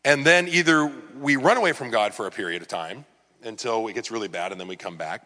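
Guy preaching a sermon, talks to the crowd like a friend, bright voice, big echoey hall. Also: lowish voice, fairly quick. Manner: conversational, earnest, animated. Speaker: pastor.

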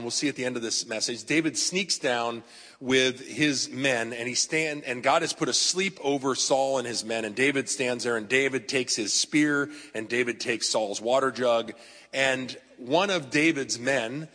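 A man's voice: mid-range voice, bright, forceful tone. Man preaching in an echoing hall. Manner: conversational storytelling preacher who talks straight to the congregation. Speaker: pastor. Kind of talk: sermon. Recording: long hall reverb.

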